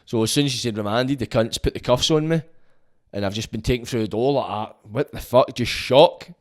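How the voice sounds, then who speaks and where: A man's voice: medium pitch, a little fast. A Scottish man talking bluntly and with plenty of swearing in a casual monologue, giving frank advice as a vlogger.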